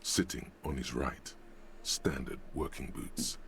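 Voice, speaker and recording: An actor voicing a detective's inner voice as a game narrator, measured, solemn and coolly observant. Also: male voice, very deep voice, vocal fry, a bit bright, slight background noise, exaggerated voice. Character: grave inner voice of a detective's mind.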